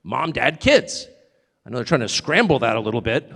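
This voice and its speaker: A man's voice: on the high side, big pitch swings, fairly quick, vocal fry, fairly bright tone, in a large hall. A man giving a live stage speech, emphatic and joking, often drifting off on digressions. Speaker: guest speaker at a live event.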